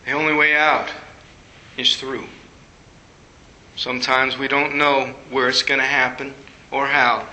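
A man preaching a sermon, telling a personal story and jumping higher in pitch when he acts out his younger self. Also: bright, forceful tone, echoey room, slight background noise, poor audio. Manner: storytelling, rising high when acting out his past self.

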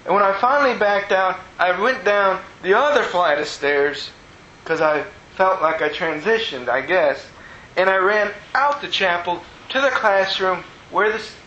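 A man preaching a sermon as a personal testimony, telling the story earnestly and moving between hushed and excited tones. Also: high voice, dull audio, slight background noise. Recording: roomy echo.

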